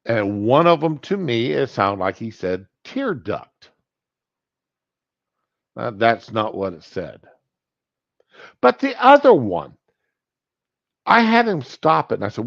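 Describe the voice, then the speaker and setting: Animated middle-aged man telling a story. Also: medium pitch, slow, creaky, pauses often, dry recording. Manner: animated, rambling anecdote with self-corrections. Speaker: podcast host. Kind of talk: casual storytelling monologue. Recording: dull lo-fi sound.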